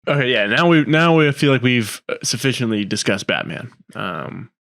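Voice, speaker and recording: A man's voice: medium pitch, animated, fairly bright tone, no echo, clean studio sound. A man co-hosting a casual podcast, rambling with lots of filler words and laughing easily. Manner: easygoing, rambling, quick to laugh, filler-heavy. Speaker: podcast co-host.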